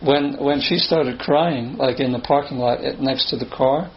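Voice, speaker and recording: A man telling a personal story in casual, halting speech, pausing often and restarting his sentences. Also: mid-range voice. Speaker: spiritual teacher telling a story. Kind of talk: storytelling talk. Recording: dull sound with faint ambient noise.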